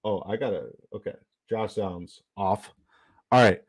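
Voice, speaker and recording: A man's voice: lowish voice, unhurried, over loud music, rough recording. A man hosting a live stream in a casual, upbeat way, rambling and reading out viewer comments. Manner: chatty and upbeat, rambling with fillers and shout-outs. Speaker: livestream host.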